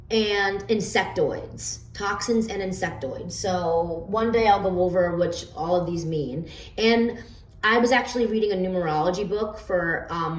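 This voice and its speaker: A woman casually explaining her homemade oracle cards, rambling with fillers and stammered restarts. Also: fairly low pitch. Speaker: oracle card reader. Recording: roomy echo, distant from the mic.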